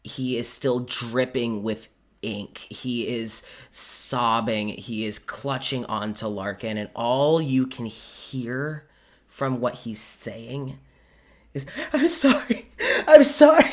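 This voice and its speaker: A man narrating a tabletop game as game master, quick and descriptive, stopping to correct names. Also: medium pitch.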